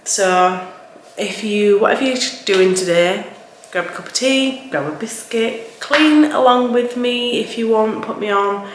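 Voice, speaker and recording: Yorkshire lass rambling on in a cleaning vlog, echoey kitchen, bit of hiss. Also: female voice, medium pitch, measured pace. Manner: chatty, rambling, with fillers. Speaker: cleaning vlogger. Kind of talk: casual vlog chat. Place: home kitchen. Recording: echoey room with faint background noise.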